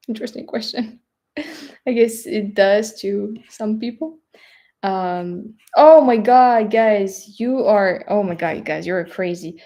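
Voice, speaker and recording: Young French woman, travel vlogger reading viewer questions live, slow and halting with fillers. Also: mid-range voice. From France. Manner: hesitant, many fillers, soft trailing asides.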